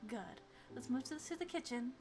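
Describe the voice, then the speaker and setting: A woman voicing a firm but caring mother in a story game, speaking calmly. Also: high voice, fairly quick, faint music behind.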